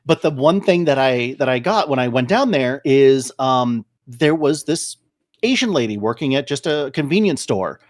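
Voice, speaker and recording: A podcast co-host from California with a middle-pitched voice. He tells an anecdote in a relaxed, amused way. The recording is dry and close. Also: moderate pace, dry recording. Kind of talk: casual podcast chat.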